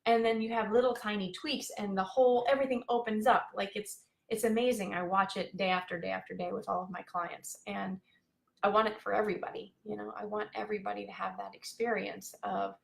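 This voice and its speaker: A woman's voice: mid-range voice, steady tone, fairly quick, gravelly. A woman life coach talking live to her viewers in a bubbly, chatty way, with many fillers. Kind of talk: live-streamed coaching talk.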